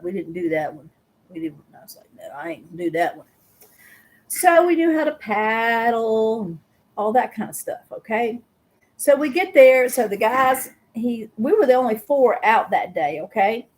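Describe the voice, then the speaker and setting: A middle-aged woman with a drawl hosts a relaxed live chat. Her voice sits a little high, and she tells stories with animation, jumping into the voices of the people in them. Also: normal speed. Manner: animated storyteller who acts out voices. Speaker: host. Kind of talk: casual live-stream storytelling.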